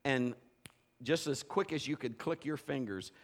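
A middle-aged male preacher tells a dramatic story during a sermon, animatedly acting out its voices and sounds. He speaks at a measured pace in a medium-pitched voice.

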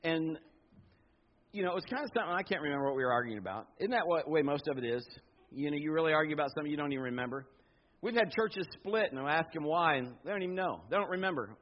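A middle-aged man pastor preaching a sermon, telling personal stories with animated asides and quoted voices. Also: on the high side, fast. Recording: dull lo-fi sound.

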